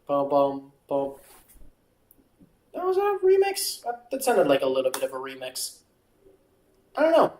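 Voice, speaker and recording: A watchalong streamer calling the game play by play, stretching out calls and drifting into casual asides, on a mic that peaks on loud moments. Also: medium pitch, wildly swooping pitch, a little fast, roomy sound, rough recording. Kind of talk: amateur play-by-play commentary.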